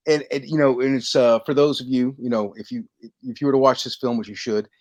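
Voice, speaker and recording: A man co-hosting a casual podcast, telling stories with lively energy and acting out lines in quick bursts. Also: mid-range voice. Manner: animated storytelling, acting out movie lines. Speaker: podcast co-host. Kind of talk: casual chat.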